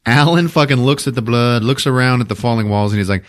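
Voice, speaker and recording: A man hosting a podcast, recapping a movie with lots of swearing and laughter, jumping into loud shouted character voices. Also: mid-range voice, fast, hardly any pauses. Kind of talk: animated comedic movie recap.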